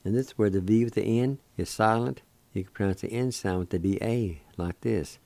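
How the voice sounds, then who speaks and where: Radio host teaching pronunciation: a low, warm male voice that breaks every word into syllables. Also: normal speed, vocal fry, no room sound. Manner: spells and sounds out words syllable by syllable. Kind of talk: radio language lesson.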